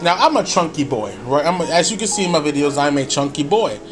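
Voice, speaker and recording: A man's voice: a little high, lively intonation, quick pace. A man on his own channel telling a story in a casual, rambling way, with many fillers and chuckles, over background music. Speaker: YouTuber.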